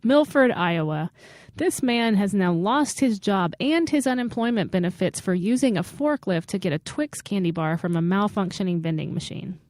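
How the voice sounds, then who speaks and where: A woman co-hosting a comedy podcast, reading strange news stories in a steady, deadpan way and laughing between them. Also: medium pitch, normal speed, hardly any pauses, no echo, clean studio sound. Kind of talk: casual comedic news chat.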